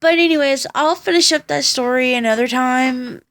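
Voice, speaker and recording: A woman's voice: high voice, normal speed, a bit bright. A tired young woman telling a personal story on her vlog, blunt and profane as she recounts it. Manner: blunt and profane, heated retelling. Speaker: vlogger.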